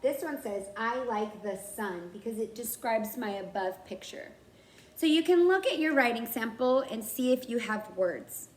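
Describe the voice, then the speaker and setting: Woman kindergarten teacher, fairly high voice, unhurried encouraging lesson for little kids. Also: expressive, roomy sound. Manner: slow, simple, encouraging teacher talk. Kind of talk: recorded lesson for young children.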